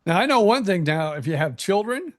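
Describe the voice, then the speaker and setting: A man's voice: high-pitched, big pitch swings, brisk. A man co-hosting a podcast, talking in an easygoing, rambling and joking way. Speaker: podcast co-host. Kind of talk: casual chat.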